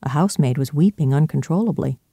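A man narrating a classic novel in a clear, steady storytelling style. His voice is mellow and dark, and the recording is dry and close. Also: a little high, fast talker, no echo. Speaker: audiobook narrator. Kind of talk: scripted narration.

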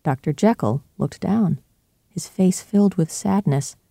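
A calm storybook narrator reads with a steady, measured delivery. The voice is mellow and warm, recorded close and dry. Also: medium pitch, vocal fry, dry recording.

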